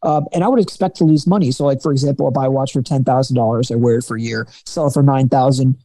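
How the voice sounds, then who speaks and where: A man talking shop about watches in a relaxed, candid way, full of fillers and the odd curse. His voice is mellow and warm, and the recording is dry and close. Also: mid-range voice, fast, dry recording. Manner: candid, swears freely, lots of fillers. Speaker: watch dealer, podcast guest. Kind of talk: casual conversational interview.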